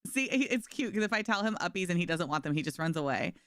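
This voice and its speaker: A young woman with a fairly low-pitched voice and lively intonation talks fast during a casual live stream, chatting bubbly with viewers as she games. She also speaks to her dog and uses "like" a lot, in studio-quality sound with no room sound.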